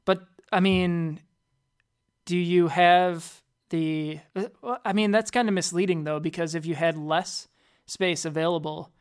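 This podcast co-host's voice sits low and has a clean tone. Chatting casually about tech, she hesitates and tends to repeat words as each sentence begins.

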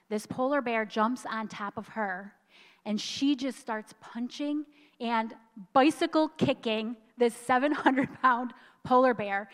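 A woman's voice: a little high, a bit bright. Emotional woman preacher in echoing hall. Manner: storytelling, emphatic, slows down for emphasis. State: choked up with emotion. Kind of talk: sermon.

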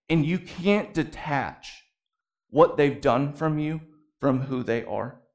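A young adult man preaching a sermon, conversational and laced with humorous asides. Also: on the high side. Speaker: pastor.

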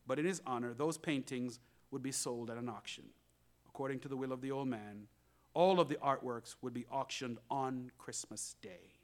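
A male pastor preaching a sermon, telling a story in an animated way and speaking straight to the congregation. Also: medium pitch.

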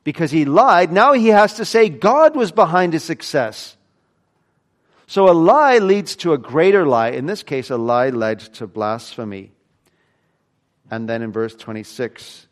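A man preaching a sermon, reading scripture aloud and explaining it, swinging between loud emphatic stretches and quiet low passages.

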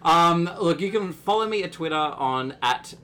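A man's voice: on the high side, expressive, normal speed, sharp tone. A man from Australia, chatting as a guest author on a casual podcast, dry and wry. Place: apartment room with friends.

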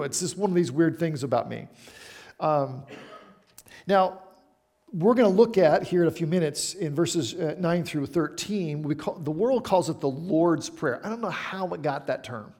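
A middle-aged man preaching a sermon as a pastor, chatty and animated, with frequent asides and questions to the congregation. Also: a little high.

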